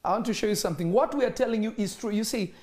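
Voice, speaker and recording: High-voiced animated male preacher. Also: racing. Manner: animated storytelling, acting out dialogue. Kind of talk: sermon.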